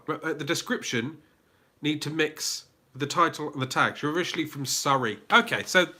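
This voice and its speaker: His voice is a little high, a little fast, pushed and bright. This livestream host from England, with a southern English accent, chats through a casual live Q&A, reading out viewer comments, using lots of fillers and restarting sentences.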